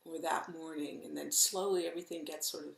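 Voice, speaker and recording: A middle-aged woman giving a Zen dharma talk, slow, gentle and reflective with soft pauses, recorded in an echoey room. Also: deep voice, fairly even intonation, gravelly. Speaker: Zen teacher.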